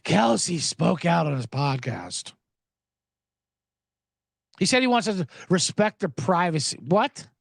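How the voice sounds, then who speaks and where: A man's voice: fairly high pitch, very animated, slow, creaky, long pauses, dry recording. A man hosting a sports betting podcast, ranting sarcastically with profanity and mocking voices. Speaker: podcast host.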